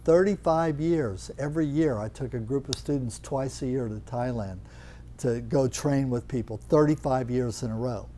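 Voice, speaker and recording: A man's voice: mid-range voice, normal speed, warm tone, slight background noise. An older man teaching a live Thai yoga class, chatty and teasing, explaining with questions to students in the room.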